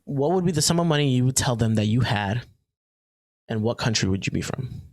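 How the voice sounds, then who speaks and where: A man's voice: mid-range voice, animated, brisk, a little mellow, no echo. Joking man in dry close-up sound. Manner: chatty and joking, with frequent fillers and restarts. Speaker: podcast co-host. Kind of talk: casual chat.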